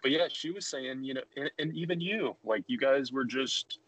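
A man's voice: mid-range voice, expressive, moderate pace, fairly bright tone, dry recording, poor audio. A young man hosting a podcast, talking loosely with lots of restarts and fillers. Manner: rambling, many restarts and fillers. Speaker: podcast host. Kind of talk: casual conversation.

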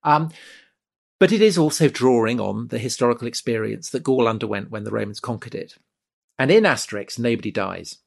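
Hesitant enthusiastic podcast host. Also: male voice, mid-range voice, lively intonation, fairly quick, vocal fry. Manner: enthusiastic, hesitant with many ums and restarts. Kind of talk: casual podcast conversation.

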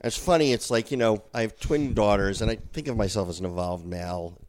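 A middle-aged man hosting a podcast, telling a long personal story in casual chat, animated and rambling with frequent restarts. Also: on the low side, a little fast. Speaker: podcast host.

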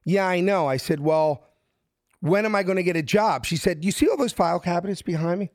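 Man, Philadelphia accent, middle-aged, raised pitch, lively storyteller, dry close sound. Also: no room sound. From South Philadelphia. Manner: acts out quotes with shifting pitch, lively and fast. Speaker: guest telling his life story. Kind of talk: animated storytelling.

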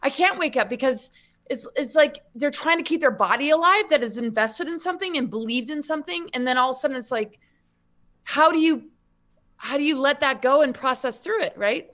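A woman talking as a guest on a spiritual podcast, her voice sitting a little high. She rambles, restarts her sentences and leans on filler words as she thinks aloud. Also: expressive, brisk, fairly bright tone. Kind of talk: casual spiritual conversation.

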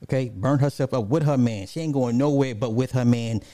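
A male live streamer talks loosely to his viewers, reading comments and launching into animated rants. He laughs often and swears without a second thought. His voice is warm and mellow, and it sounds dry and close. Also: mid-range voice, fairly quick, no room sound.

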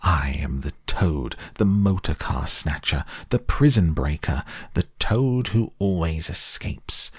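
A man's voice: deep voice, lively intonation, slow pace, few pauses, husky, no echo, studio quality, heavily acted. A man voicing a vain, reckless male toad who swaggers and brags in a bedtime audiobook. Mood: boastful. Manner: swaggering, loud bursts of bragging.

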